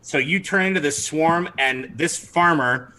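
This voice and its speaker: Guy running a tabletop game, bright voice, a bit high, lots of um and uh. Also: measured pace, rough recording. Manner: chatty, with many restarts and fillers. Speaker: game master.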